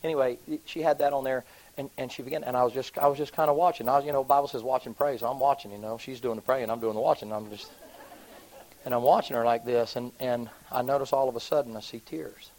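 A man preaching, telling a story in a sermon. He swings from hushed, low passages to loud, high, excited ones. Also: fast, rough recording.

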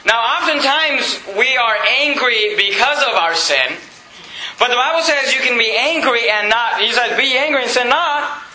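Pastor guy preaching, high bright voice, folksy, echoey sanctuary. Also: lively intonation. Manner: folksy preaching, reads scripture slowly, builds to loud emphatic peaks. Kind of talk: sermon. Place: church sanctuary. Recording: echoey church room.

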